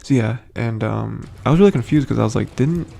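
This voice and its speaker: A man's voice: fairly low pitch, fast, creaky, warm tone. A man hosting a casual, rambling TV episode recap, full of hesitant fillers. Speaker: host.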